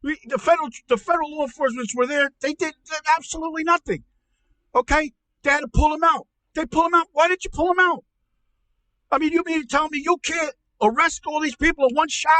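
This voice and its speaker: A man playing an angry middle-aged uncle in a comedy podcast, ranting loudly, swearing and stammering. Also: extremely high pitch, quick pace, slight background noise. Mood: furious ranting. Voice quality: shouty, profane, stammering. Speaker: podcast co-host. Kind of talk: comedic rant.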